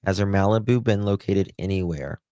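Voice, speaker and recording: A Southern-accented man hosts a live true-crime stream, reading news aloud and greeting viewers by name with slow, drawling affection. His voice is low-pitched and mellow, with no echo.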